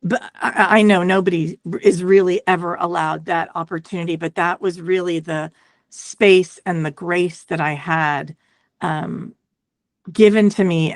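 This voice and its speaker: A middle-aged woman telling her story as an interview guest, reflective and halting, often restarting and checking in with "right?". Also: on the low side, no echo, studio quality. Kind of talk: conversational interview.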